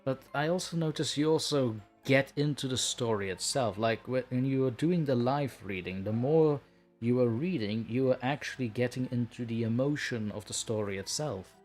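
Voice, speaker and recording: A man's voice: medium pitch, normal speed, darkish tone, soft background music. Self-mocking man chatting on a stream. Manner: laughs often, self-mocking. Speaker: stream host. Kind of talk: casual chat on a live stream.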